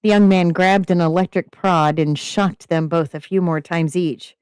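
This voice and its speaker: A woman hosting a podcast, reading a story aloud in a steady narrating manner. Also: on the low side, normal speed, few pauses, clear, resonant tone, no room sound. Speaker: podcast host and story reader.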